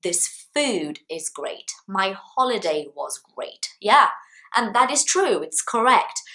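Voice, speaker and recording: A woman gives an English lesson straight to camera, speaking slowly and deliberately. Her voice sits at an ordinary middle pitch. She acts out little example sentences in a playful way. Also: sing-song, bright, forceful tone. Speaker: English teacher.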